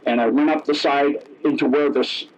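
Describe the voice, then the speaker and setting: A man's voice: fairly high pitch, steady tone, fairly quick. A middle-aged man telling stories as an interview guest, rambling and correcting himself as he goes. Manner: rambling, self-correcting, acts out quoted dialogue. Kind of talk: casual storytelling. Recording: dull lo-fi audio.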